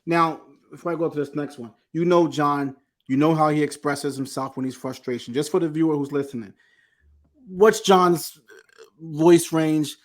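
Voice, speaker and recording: A man's voice: on the high side, normal speed. A man hosting an interview, asking probing, curious questions. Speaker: podcast host.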